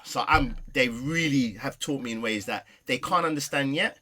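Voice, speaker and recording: A middle-aged man, a podcast guest, telling personal stories with passion, swinging between loud and soft. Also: mid-range voice, moderate pace. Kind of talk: emotional personal storytelling.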